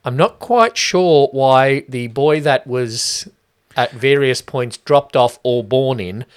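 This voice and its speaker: A man co-hosts a relaxed movie review show with his brother. He talks in a loose, joking way and trades quick banter. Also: medium pitch, smooth. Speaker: podcast co-host. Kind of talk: casual movie review chat.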